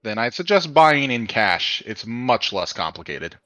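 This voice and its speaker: A man's voice: medium pitch, big pitch swings, measured pace, fairly bright tone. A man playing a tabletop game, tossing in dry jokes and asides. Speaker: player. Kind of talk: casual tabletop chat. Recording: dull lo-fi mic.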